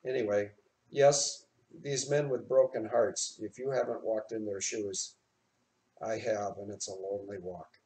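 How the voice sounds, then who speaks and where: A man's voice: on the low side, steady tone, measured pace, dark tone. Rambling, heartfelt man hosting from an office. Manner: rambling and heartfelt, spelling out names. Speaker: online show host. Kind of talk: rambling live-stream chat.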